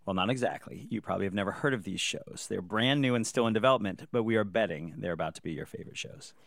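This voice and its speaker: A man co-hosting a podcast interview in an easy, conversational way. His voice sits fairly low with a gravelly edge. The recording is dry and close. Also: fast talker, fairly bright tone, no echo. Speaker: podcast co-host.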